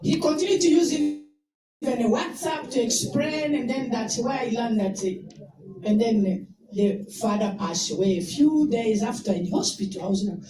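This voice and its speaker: A woman from Rwanda giving an emotional tribute speech at a memorial, rising at times to loud exclamations. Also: fairly high pitch, moderate pace. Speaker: invited speaker at a memorial. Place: indoor event hall. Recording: echoey hall recorded from far off with crowd. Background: crowd of attendees.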